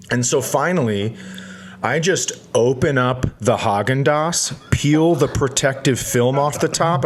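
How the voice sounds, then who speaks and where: Brief: male podcast comic, rambling anecdote, self-mocking, deadpan punchlines. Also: medium pitch. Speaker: podcast co-host telling a story. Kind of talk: comedic storytelling on a podcast.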